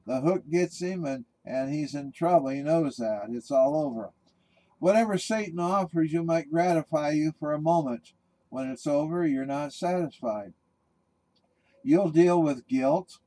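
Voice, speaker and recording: A male pastor delivering a sermon in a relaxed, folksy storytelling way. His voice is warm and mellow, pitched a bit high, with casual restarts. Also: rough recording.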